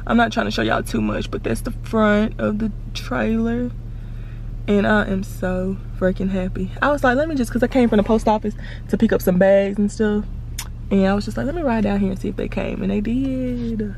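A woman, chatting excitedly to her viewers in a casual vlog. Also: mid-range voice, fairly quick, creaky, a little hiss or hum. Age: 20s. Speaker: vlogger and small business owner.

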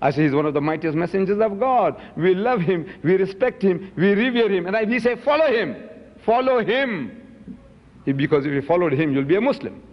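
A man's voice: sits high, animated, fast talker. A man answering audience questions at a public debate, emphatic and full of rhetorical questions. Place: lecture hall. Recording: dull lo-fi hall with long reverb.

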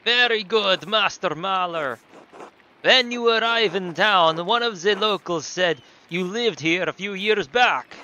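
A man doing a booming mock New York innkeeper. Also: sharp tone, muffled recording, slight background noise. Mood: hearty. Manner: booming, drawn-out, over-the-top. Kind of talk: reading game dialogue aloud.

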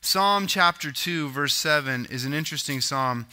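Bright-voiced pastor preaching casually. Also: male voice, on the high side, normal speed. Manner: conversational teaching with asides and self-corrections. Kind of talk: sermon.

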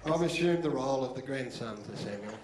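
An Australian man telling crude roasting jokes on a live TV stage, with a deadpan delivery. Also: medium pitch, fairly quick. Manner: crude, deadpan storytelling with laughs. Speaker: stand-up comedian. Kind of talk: stand-up roast routine. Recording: roomy live studio sound, audience noise. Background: laughing studio audience.

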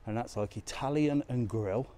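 Outdoors in a resort town's streets and squares, a man hosts a live walking tour, talking casually and replying to comments as he strolls. He speaks at a normal speed with a medium-pitched, dark-toned voice.

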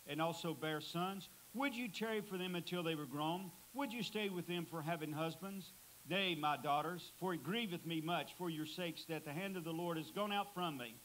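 A high-pitched man preaching a sermon in a church, pressing hard on key words and lifting his voice to drive them home. His voice sits well above the usual male range. A faint hiss runs under the recording. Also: fairly bright tone, low-quality recording. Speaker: guest preacher.

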